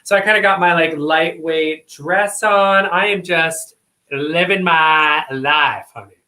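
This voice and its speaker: Sassy live-stream co-host, bubbly and camp, bright voice. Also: male voice, on the high side, slow pace, echoey room. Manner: bubbly, sassy, party mood. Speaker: co-host of a drag review show. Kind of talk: casual live-stream chat.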